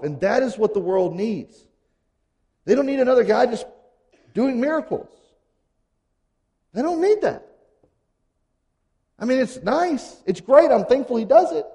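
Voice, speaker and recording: Animated male preacher in a reverberant hall. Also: extremely high pitch, a little slow, long pauses. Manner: conversational, animated, acts out quotes casually. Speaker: pastor. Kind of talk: sermon.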